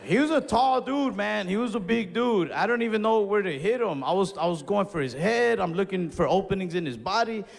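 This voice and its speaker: Animated stand-up comic in a hall. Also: male voice, high voice, brisk, vocal fry, hardly any pauses. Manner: animated, acts out other people in dialogue, laughs mid-story. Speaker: stand-up comedian. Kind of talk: stand-up storytelling. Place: comedy stage in a hall. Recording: live hall reverb, faint ambience.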